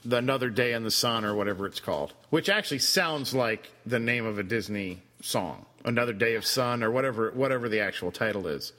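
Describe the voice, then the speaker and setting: A man co-hosting a podcast, chatting casually about a film, animated and teasing, laughing often. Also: mid-range voice, brisk, few pauses, long reverb tail. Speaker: podcast co-host.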